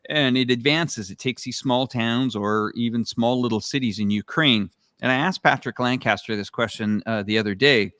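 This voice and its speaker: A man's voice: medium pitch, no echo, clean studio sound. A man hosting a geopolitics livestream who asks his guests long, rambling, musing questions. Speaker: livestream host.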